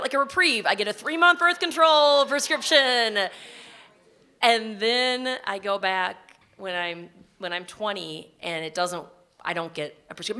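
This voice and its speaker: A woman's voice: medium pitch, sharp tone. A woman telling a personal story on stage, in a vivid, emotional present-tense retelling.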